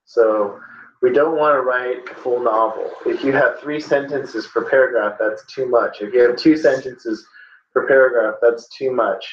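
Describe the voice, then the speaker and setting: A man's voice: medium pitch, steady tone, normal speed, slight background noise. A man teaching a classroom lesson, joking with the class as he talks. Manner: joking, playful asides. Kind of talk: classroom lecture. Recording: dull, roomy classroom audio.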